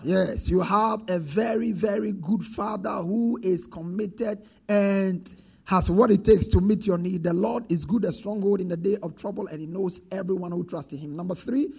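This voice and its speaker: A man's voice: sits high, normal speed, creaky, dark tone, slightly rough, soft background music. A man preaching a sermon with call-and-response, rising into sing-song emphatic swells.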